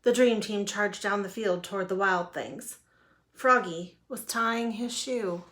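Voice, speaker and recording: A woman reading a children's picture book aloud in a lively, expressive way. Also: medium pitch, measured pace. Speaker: storyteller. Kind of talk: children's storybook read-aloud.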